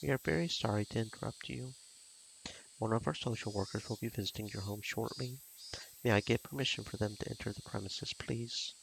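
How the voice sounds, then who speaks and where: A man's voice: fairly low pitch, brisk, gravelly, fairly bright tone, slight background noise, low-quality recording. A man reading a stiff, formal official. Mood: insistent. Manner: formal, polite, insistent. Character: persistent, self-assured child services caller. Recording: game music behind.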